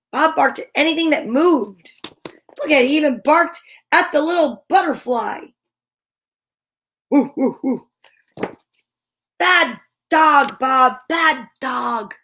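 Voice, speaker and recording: A woman's voice: high-pitched, takes it slowly, pauses often, fairly bright tone, a little hiss or hum. A woman hosting a storytime, reading a picture book aloud in a playful way with comic asides. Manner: playful, chuckling at her own reading. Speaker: storytime host.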